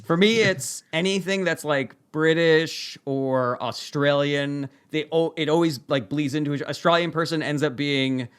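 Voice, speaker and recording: Rambling, self-mocking man, higher voice. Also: unhurried, few pauses, a bit bright, clean tone. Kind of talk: casual podcast chat.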